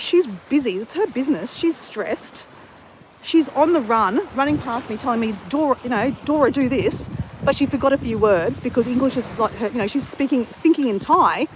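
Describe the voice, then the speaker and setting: A woman's voice: sits high, a little hiss or hum, low-quality recording. A woman talking to camera in a casual vlog, blunt and candid, swearing freely. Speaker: travel vlogger.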